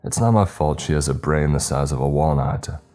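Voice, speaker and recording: A man voicing a grumpy, sarcastic teenage boy with a British accent, in a curt, deadpan manner. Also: a bass voice, moderate pace, faint music behind.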